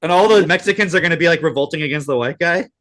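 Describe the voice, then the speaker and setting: A man's voice: a little high, very fast, fairly bright tone. A man co-hosting a podcast in casual chat, talking in an emphatic, profane rant. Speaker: podcast co-host.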